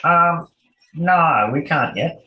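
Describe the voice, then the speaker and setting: A man's voice: a little high, animated, takes it slowly, muffled recording, background noise. An Australian man co-hosting a casual online chat in a dry, laid-back way. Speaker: co-host. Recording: echoey room.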